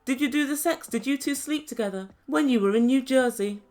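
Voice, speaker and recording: A woman's voice: high voice, fairly quick, darkish tone, faint music behind, natural voice. A woman doing a blunt, suspicious man.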